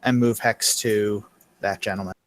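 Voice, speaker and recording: A man's voice: lowish voice, fairly even intonation, moderate pace. A man playing a tabletop game, asking careful questions and stating his actions. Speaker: player.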